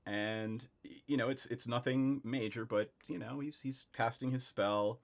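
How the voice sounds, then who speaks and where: A man's voice: medium pitch, fairly even intonation, normal speed. A man narrating as game master of a tabletop game, hesitant with many fillers and restarts.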